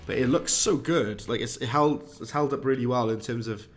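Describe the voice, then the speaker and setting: Over background game music, a man chats and rambles on a live game stream, reading viewers' messages aloud with a sprinkling of British slang. His casual commentary comes in a mid-range voice at a fairly quick pace.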